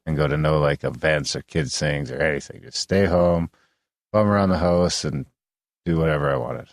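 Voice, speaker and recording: Man, very low voice, co-host trading jokes, dry close sound. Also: moderate pace, dry recording. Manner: teasing, joking banter. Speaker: podcast co-host. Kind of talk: casual chat.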